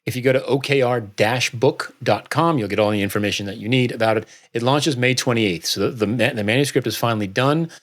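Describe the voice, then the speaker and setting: A middle-aged man guesting on a podcast, talking in a relaxed, rambling way with many fillers. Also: medium pitch, fairly quick, hardly any pauses. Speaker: guest author. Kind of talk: casual interview chat.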